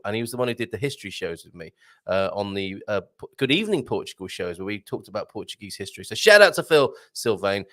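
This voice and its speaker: An English man hosts a live talk show in a jokey, animated way, laughing often. His pitch swings widely as he talks. He sounds amused and keeps the chat moving. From England. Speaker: host.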